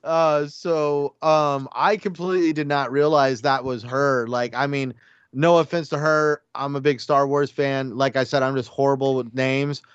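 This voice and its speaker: A man chatting excitedly on a gaming podcast, rambling with lots of fillers. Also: medium pitch, unhurried, smooth, no room sound, lo-fi sound. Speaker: podcast panelist. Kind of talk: casual chat.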